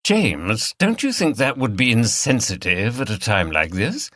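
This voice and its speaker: An earnest, uneasy banker speaks with quiet disapproval, voiced by a male narrator. The voice is low and dry, close to the mic. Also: big pitch swings, a little slow, dry recording, heavily acted.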